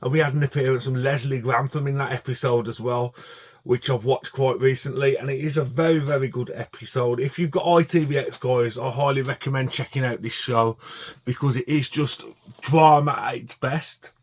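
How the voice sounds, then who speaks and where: A man's voice: medium pitch, fairly even intonation, normal speed. A man chatting casually to camera about his DVD collection, enthusiastic and full of fillers and restarts.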